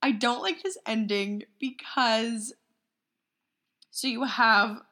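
A woman chatting casually about a movie, animated and jokey. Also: a little high, slow pace. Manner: animated, jokey, does silly voices.

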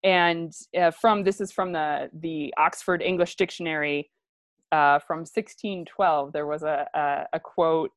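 A woman's voice: deep voice, takes it slowly, no echo. A young woman leading a Shakespeare reading, explaining the verse enthusiastically and thinking aloud. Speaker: teacher leading a play reading.

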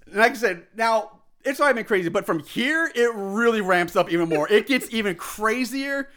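A podcast host casually recaps a film's plot, animated and laughing often as he acts out shouted lines. His voice sits high and he speaks at a moderate pace.

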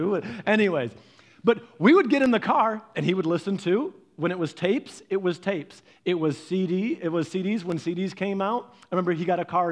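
Man, storytelling talk, animated, quotes his parents in voices, slightly higher voice. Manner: animated storytelling, acting out his parents' lines, often lively and raised. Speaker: speaker giving a faith and parenting talk.

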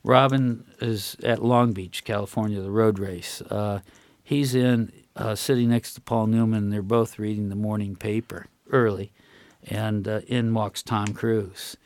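A man's voice: on the low side, fairly even intonation, a little slow, a little mellow, no room sound. Older man telling rambling stories. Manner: rambling anecdotes with chuckles. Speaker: guest, retired racing crew member. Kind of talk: casual storytelling.

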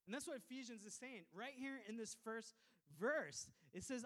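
A pastor from Minnesota preaching a sermon, lively and joking, with quick asides to the congregation. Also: male voice, very high voice. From Minnesota, USA.

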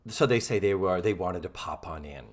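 A man co-hosting a casual podcast, recapping a sitcom episode with animated delivery and free swearing. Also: low-pitched, moderate pace. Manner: animated, swears freely, acts out quoted lines. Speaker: podcast co-host.

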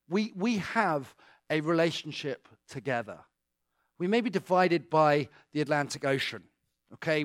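A man's voice: fairly high pitch, no echo. British guy doing a casual church talk, cracks jokes, dry close mic. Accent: British English. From Britain. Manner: chatty and joking, with asides to the audience. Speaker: guest speaker. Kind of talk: church talk with audience questions.

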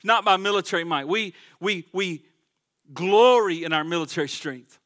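High bright-voiced fervent preacher man. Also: moderate pace. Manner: fervent preaching that swings between loud declarations and quiet asides. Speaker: pastor. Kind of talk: sermon. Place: church sanctuary.

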